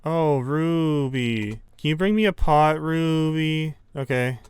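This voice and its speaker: A man doing a gentle, caring young woman. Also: on the high side, takes it slowly, clear, resonant tone, no room sound. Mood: soothing. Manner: gentle, soothing.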